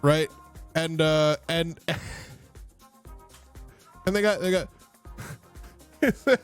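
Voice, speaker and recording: A man's voice: on the high side, very slow, pauses often, clear, resonant tone, faint music behind. A young man livestreaming, chatting casually with viewers, laughing often, rambling and swearing freely. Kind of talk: casual stream chat.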